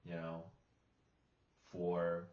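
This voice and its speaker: A man co-hosting a casual roundtable talk as an English teacher, animated and quick to laugh, with slightly nonstandard English. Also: sits low, echoey room, muffled recording. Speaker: English teacher and podcast co-host.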